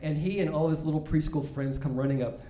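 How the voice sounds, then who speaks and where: Older male stand-up, high animated voice, rambling self-deprecating delivery, echoey room. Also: quick pace. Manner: self-mocking, rambling, with frequent false starts. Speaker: stand-up comedian. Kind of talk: stand-up comedy set.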